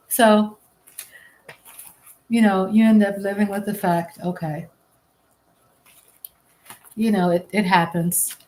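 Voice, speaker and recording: A woman's voice: medium pitch, a little mellow, poor audio. A woman hosting a casual live stream, chatting in a rambling way, laughing often and trailing off mid-sentence. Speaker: livestream host. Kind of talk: casual live chat while working.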